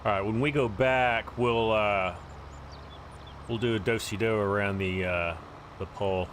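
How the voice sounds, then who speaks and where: A man's voice: lowish voice, fairly even intonation, unhurried, fairly bright tone, slight background noise. A man hosting a casual gameplay livestream, chatting to viewers and greeting them by name as he plays. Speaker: livestream host.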